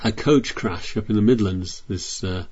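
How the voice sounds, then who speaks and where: A man's voice: on the low side, normal speed, darkish tone, husky. Guy giving a sermon, reads verses then chats through them, a bit lo-fi sounding. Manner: reads scripture aloud then explains it conversationally, with frequent restarts. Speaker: preacher.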